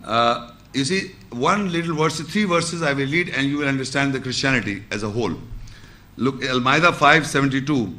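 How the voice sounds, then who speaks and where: Bright-voiced man giving a religious lecture. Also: mid-range voice. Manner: explains scripture with repetition and rhetorical questions; recites Arabic verses quickly. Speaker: Islamic lecturer.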